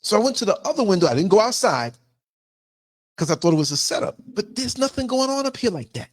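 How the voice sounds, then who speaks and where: A man's voice: high-pitched, very animated, quick pace. An older man from the United States, hosting a livestream and telling a story in a blunt, emphatic way. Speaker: podcaster host.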